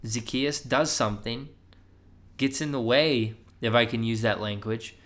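A man's voice: mid-range voice, steady tone, measured pace, fairly bright tone. Young man preaching on a podcast, casual and conversational, gets emphatic when urging. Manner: conversational, often asks "right?", rises emphatically when urging.

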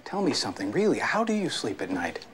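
A woman's voice: very deep voice, very animated, quick pace, husky, pitched below the performer's own voice, exaggerated voice. A woman acting out a sneering middle-aged man who mocks a rival with a biting delivery. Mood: mocking.

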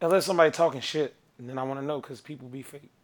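A man co-hosting a podcast in casual chat, animated and jumping between ideas. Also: medium pitch, rapid-fire. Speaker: podcast co-host.

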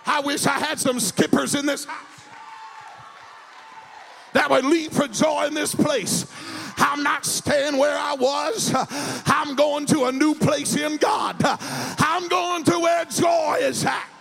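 A male pastor preaching a sermon, shouting in a sing-song cadence and stammering repeated words. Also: very high-pitched, steady tone, slow, vocal fry, soft background music. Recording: reverberant church hall.

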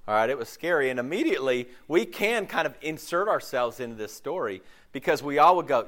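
A man's voice: medium pitch, fairly quick, hardly any pauses. A man preaching a casual, conversational sermon, laughing often and breaking off his own sentences. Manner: animated, laughs often, jumps into playful voices; loose, self-interrupting, many fillers.

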